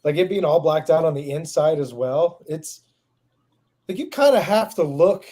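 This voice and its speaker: Relaxed male co-host with a warm, mellow voice who keeps the chat moving with easy questions. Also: fairly high pitch, normal speed. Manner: laid-back, laughs often, asks guests questions. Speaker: podcast co-host. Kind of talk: casual chat.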